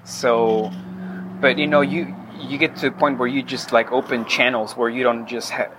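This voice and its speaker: A man's voice: mid-range voice, fairly even intonation, moderate pace, noisy background. A man as a podcast guest, talking casually in a rambling way with many fillers and restarts. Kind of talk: casual interview chat.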